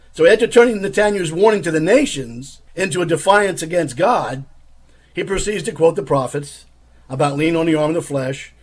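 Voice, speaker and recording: A man delivers critical religious commentary in a husky, fairly high voice. He argues insistently and presses his point with rhetorical questions. The delivery is combative and direct.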